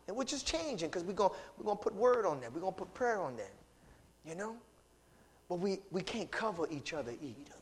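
High-voiced pastor preaching in reverb. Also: male voice. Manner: call-and-response preaching, swings from loud to hushed. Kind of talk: sermon. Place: church sanctuary. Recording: long church reverb.

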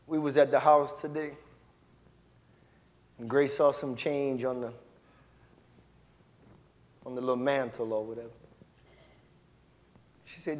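A man, preaching a sermon in a church with repeated, rhythmic call-outs and shouted peaks. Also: mid-range voice, flat delivery, slow pace, pauses often, long reverb tail.

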